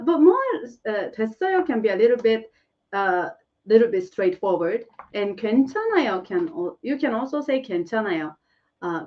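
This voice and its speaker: A woman's voice: medium pitch, darkish tone, far from the mic, lo-fi sound. Chatty Korean-native woman teaching online. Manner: chatty, laughs often, repeats phrases slowly. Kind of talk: live online lesson answering viewer questions.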